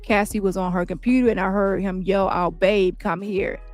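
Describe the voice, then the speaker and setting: A woman's voice: medium pitch, level tone, darkish tone, faint music behind, natural voice. A woman reading a shaken male trial witness. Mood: recounting. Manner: plain, halting recounting.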